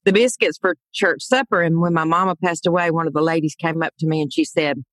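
A woman with a Southern American accent hosting a podcast interview, chatty and effusive with quick asides. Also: sits low, fairly even intonation, a bit bright, dry recording, studio quality. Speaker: podcast host.

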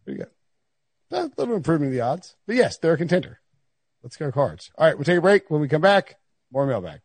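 A man's voice: a little high, very animated, quick pace, a little mellow, breathy edge, no echo, studio quality. A man hosting a sports podcast, rambling and laughing through stories with his friends. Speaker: podcast host. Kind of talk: casual sports podcast banter.

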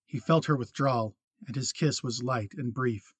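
A man narrating a western novel as an audiobook in a steady, measured reading. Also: medium pitch, breathy edge, no echo. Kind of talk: scripted narration.

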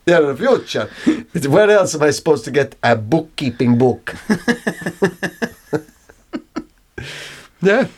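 A man co-hosting a comedy podcast, his pitch leaping around as he chats. He laughs a lot, often at his own slips. His voice sits a little higher than most men's. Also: very animated, slow pace, pauses often, breathy edge. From Ireland. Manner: giggly, self-mocking, laughs often. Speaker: podcast co-host. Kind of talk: casual comedic chat.

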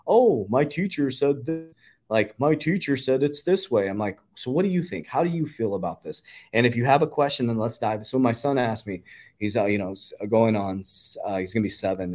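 Brief: thirties man, quick emphatic talker, casual podcast guest. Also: lowish voice, darkish tone. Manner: fast, emphatic storytelling with swearing. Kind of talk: casual conversation.

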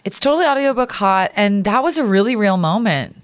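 A woman co-hosting a podcast in casual chat, an animated storyteller who acts out the dialogue she quotes. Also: mid-range voice, a little fast, no echo. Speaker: podcast co-host.

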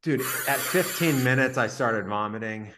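A man's voice: mid-range voice, a little slow, background noise. A man being interviewed as a podcast guest, telling a long personal story casually with lots of "like" fillers. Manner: vivid retelling full of "like" fillers.

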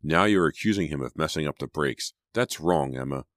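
A man's voice: a bass voice, lively intonation, a little fast, fairly bright tone, no echo, studio quality. A man voicing a sensible, anxious teenage girl in an audiobook, raising his voice into an urgent girlish tone. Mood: arguing.

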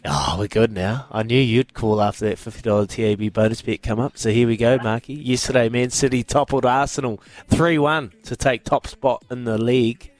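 A man's voice: mid-range voice, brisk, hardly any pauses, no room sound, faint music behind. A man with a New Zealand accent hosting a radio sports quiz, bantering and teasing callers. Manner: cheeky, teasing, laughs often.

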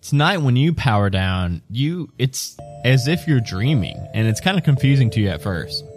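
A man's voice: mid-range voice, sing-song, moderate pace, darkish tone, soft background music. A man narrating a tabletop game as game master in a descriptive way, breaking into laughter now and then. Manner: descriptive, laughs between lines.

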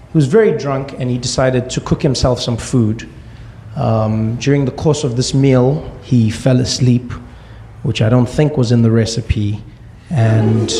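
A male stand-up comedian telling a personal story on stage, with deadpan asides in a slow build. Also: mid-range voice, a little hiss or hum.

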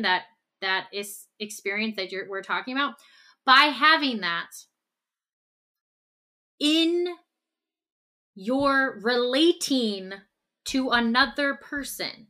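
A woman's voice: on the high side, pushed and bright. A woman co-hosting a relationship podcast, talking through a hypothetical scenario and often checking in with "okay?" and "right?". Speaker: podcast co-host.

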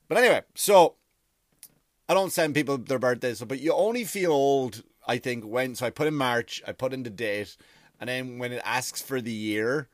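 A man in his forties rambles through a comic monologue, swearing freely in a conversational, unpolished way. His voice sits at an ordinary middle pitch for a man. The recording is dry and close, with no room sound. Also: dry recording.

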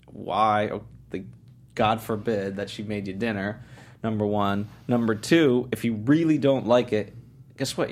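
A man with a mid-range voice gives his views on a film in a relaxed group chat. He argues firmly and counts off his points one after another. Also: medium pitch. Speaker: film discussion panelist.

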